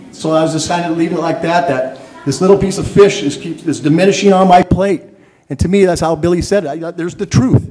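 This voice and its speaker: After a screening, an older tribal elder on a panel in an event hall gives an earnest, pleading speech, stumbling over repeated words. His voice is a little high, steady, brisk and warm. The roomy hall carries his voice from off the mic.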